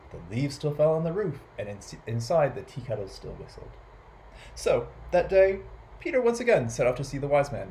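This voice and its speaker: A man reads a children's story aloud for a library storytime. His pitch swings widely as he tells it, and he throws in playful animal noises and sound effects. The delivery stays animated throughout. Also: a little hiss or hum, poor audio.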